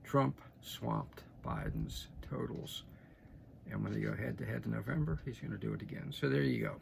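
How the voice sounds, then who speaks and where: A man's voice: on the low side, very animated, moderate pace, gravelly, a little hiss or hum. An older man delivering opinionated news commentary to his audience in a folksy, emphatic way, often checking in with "okay?". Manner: folksy, emphatic, frequent restarts and "okay?" asides. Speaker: political commentator.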